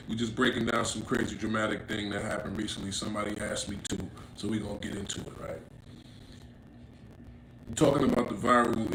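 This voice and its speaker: A man from Inglewood, California, telling a street story to camera in slang, acting out quotes and rising to loud, emphatic bursts. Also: mid-range voice. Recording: roomy echo, faint background noise.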